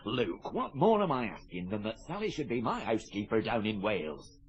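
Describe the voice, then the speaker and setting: A coaxing, boastful middle-aged rich man with a Lancashire accent, his voice swooping wildly from low to high. He talks up his money and his big house to win someone over. The old recording sounds dull and muffled. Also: huge pitch swings, brisk. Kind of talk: stage-style radio drama acting.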